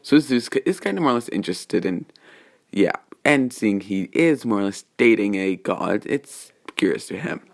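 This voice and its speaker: Casual male storyteller with a gravelly, lowish voice; loose, rambling retelling full of restarts. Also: animated, normal speed. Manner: meandering, full of restarts and filler phrases. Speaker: fan fiction storyteller.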